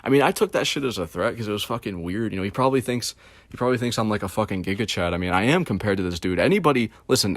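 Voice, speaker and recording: A man with a deep, low voice tells a story in a loose, rambling way, swearing often and leaning on fillers. The sound is dry and close, with no room echo. He speaks in a casual, offhand manner. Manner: rambling and profane, heavy fillers. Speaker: channel host.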